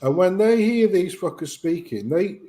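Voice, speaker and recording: A British man in casual chat, ranting and swearing as he tells a story. His voice sits a bit high and jumps around. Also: moderate pace. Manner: profane ranting, animated storytelling. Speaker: chat show guest.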